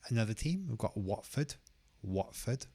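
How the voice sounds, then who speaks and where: A man teaching English pronunciation, slowly repeating each word clearly for learners in a careful lesson style. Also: fairly low pitch, very animated, warm tone, dry recording.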